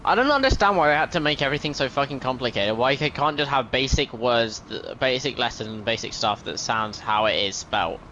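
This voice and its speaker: Young english dude goofing around, swears a lot, dull muffled mic. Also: male voice, medium pitch, lively intonation, brisk, hardly any pauses, bright, forceful tone, slight background noise. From England. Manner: crude, joking, swears often. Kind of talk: casual gaming chat.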